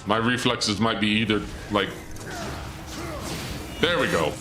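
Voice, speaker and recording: A man's voice: lowish voice, slow pace, over music. A male streamer chatting casually to his viewers and muttering self-critically while he plays a game. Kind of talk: casual gameplay commentary.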